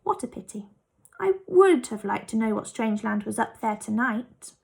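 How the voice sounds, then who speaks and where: A woman's voice: a little high, expressive, normal speed, gravelly, a little mellow. A woman voicing a sensible, earnest young girl in a children's story.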